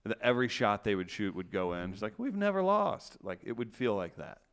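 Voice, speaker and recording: Male panelist: smooth, lowish voice, dry probing questioner. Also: fast talker. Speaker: comedy panelist. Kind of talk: mock cross-examination.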